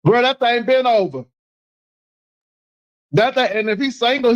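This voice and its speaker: A man's voice: very high-pitched, expressive, measured pace, long pauses, dull audio. A man in casual live call-in chat, sassy and teasing, repeating his points with emphasis.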